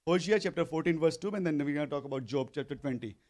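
A man's voice: a little high, fast, darkish tone. A male pastor preaching a sermon, often repeating phrases and asking the congregation questions. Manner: repetitive, call-and-response questions to congregation.

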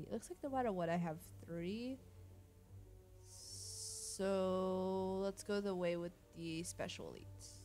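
A woman gives unhurried, casual commentary on her own gameplay. Her pitch swings up and down a lot as she mutters to herself, and she swears whenever a move goes badly. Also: lively intonation, dark tone. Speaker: gaming channel host.

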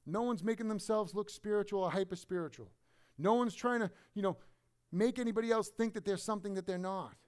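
A man preaching a sermon to his congregation in a conversational, animated way, sometimes mimicking other people. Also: high voice, brisk, clear, resonant tone. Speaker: pastor.

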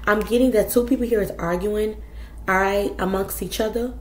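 A woman's voice: medium pitch, steady tone, normal speed, a little mellow, echoey room, a little hiss or hum. A woman giving a casual tarot reading, talking bluntly and chattily to her viewers with plenty of profanity. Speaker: tarot reader.

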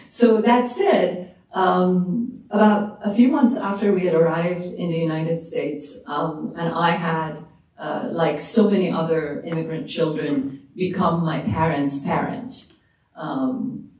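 A woman from Iran, an author answering a moderator's question in a measured, reflective way, with frequent fillers and restarts. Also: low voice, darkish tone. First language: Persian. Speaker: author, guest. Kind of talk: storytelling answer in a moderated talk. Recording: echoey room, distant mic.

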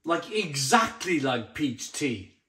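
A man's voice: on the high side, very animated, slow, pushed and bright. A man reviewing a beer to camera in a blunt, exasperated way, often stumbling and repeating himself. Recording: roomy echoey sound.

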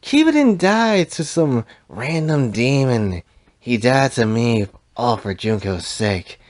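A man's voice: medium pitch, big pitch swings, slow pace. A man voicing a boastful anime rival, young man, sneering, cruel, threatening. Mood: arrogant, threatening.

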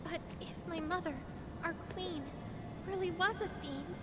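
A woman's voice: fairly even intonation, a little slow. An actress voicing an earnest, troubled young woman fighter from a resistance group in a video game. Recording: game audio with rumble under it.

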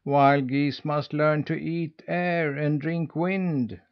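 A man's voice: fairly high pitch, fairly even intonation, slow, dull audio, voice pushed up. A man voicing a stern old female leader goose who answers sharply and curtly. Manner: sharp, curt, unyielding.

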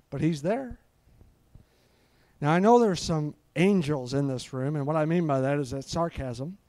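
Middle-aged male preacher, fervent and exclamatory, slightly high-pitched, dry sound. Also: darkish tone, no echo. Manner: fervent, peppered with hallelujahs. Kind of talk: live sermon.

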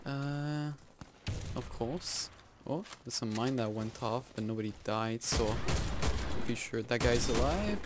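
A man giving live gameplay commentary, excitable and self-mocking, yelping and groaning as he plays. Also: medium pitch, unhurried, heavy background noise. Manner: excitable, yelps and groans at in-game deaths; self-mocking, joking asides. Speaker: video game YouTuber. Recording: loud game gunfire under the voice.

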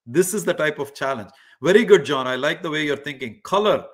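A man's voice: on the high side, expressive, fairly quick. A middle-aged man, a professor hosting an interactive online lecture for students, telling stories animatedly, putting questions to his listeners and using many fillers. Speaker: workshop host and professor.

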